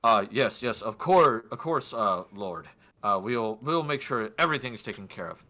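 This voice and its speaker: A man voicing a plain-spoken guard sergeant who talks in a matter-of-fact, halting way. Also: medium pitch, lively intonation, pushed and bright. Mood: flustered.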